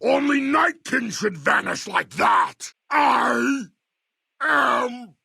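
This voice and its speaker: A man plays a towering, self-crowned female mutant ruler from a video game, bellowing threats in a very high, piercing voice. The delivery is slow and gravelly, with a harsh husky rasp, recorded close and dry. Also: expressive, pushed and bright, dry recording, exaggerated voice. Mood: menacing. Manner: bellowing, pompous, easily exasperated.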